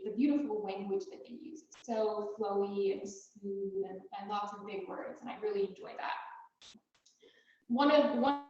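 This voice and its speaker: A woman's voice: mid-range voice, darkish tone. A woman giving a chatty impromptu speech on a video call, restarting her words now and then. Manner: chatty, fond of classic literature, repeats words. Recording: very echoey room, dull lo-fi sound.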